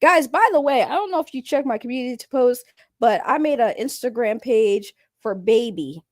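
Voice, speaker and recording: A woman's voice: fairly high pitch, lively intonation, normal speed, dry recording, studio quality. A woman hosting a livestream in casual, rambling chat. She is blunt and joking and swears freely as she greets her viewers. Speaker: livestream host.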